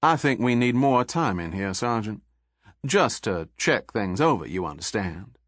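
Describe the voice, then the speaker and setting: A man voicing a suave federal agent with a Southern accent, smooth, pleasant and coolly polite. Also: on the low side, sing-song, measured pace, fairly bright tone, no echo, clean studio sound, full character voice.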